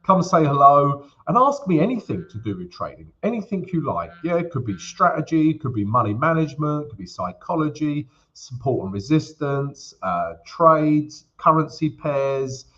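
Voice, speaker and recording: Male stream host, casual and jokey, mid-pitched, slightly muffled lo-fi audio. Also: very animated, normal speed, few pauses, a bit bright. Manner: chatty, jokey, greets viewers by name. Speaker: forex trading livestream host. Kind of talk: casual livestream chat.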